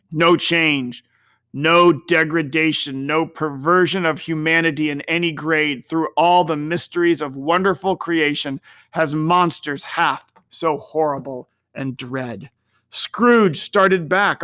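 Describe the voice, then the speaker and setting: A man hosting a daily series, reading a classic story aloud in a gentle, measured way. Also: a little high, no room sound, clean studio sound. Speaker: storyteller host.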